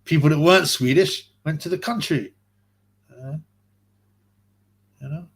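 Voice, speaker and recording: A man's voice: on the high side, a little slow, husky. A young man hosting a live stream, reading out chat messages in a rambling, chatty way and laughing often. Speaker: livestream host reading chat.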